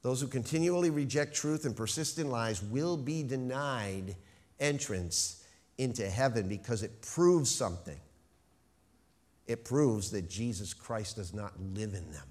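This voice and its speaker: A man's voice: mid-range voice, expressive, a little mellow. Emphatic male preacher. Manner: emphatic preaching with slow stressed phrases. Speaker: pastor. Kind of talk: sermon.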